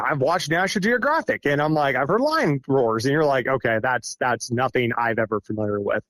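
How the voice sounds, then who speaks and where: A young man from Iowa, a forestry contractor, recounts his experiences as a podcast guest in a halting, rambling way with frequent restarts and chuckles. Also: mid-range voice, a bit bright, no echo. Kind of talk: casual storytelling interview.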